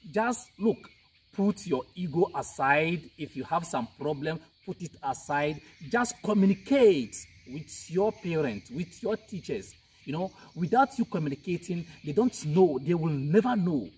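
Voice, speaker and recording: A man's voice: on the high side, sing-song, a little slow, breathy edge, recorded from a distance. A man giving informal advice on communication, emphatic and full of "you know", acting out friendly greetings. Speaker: guest speaker on communication.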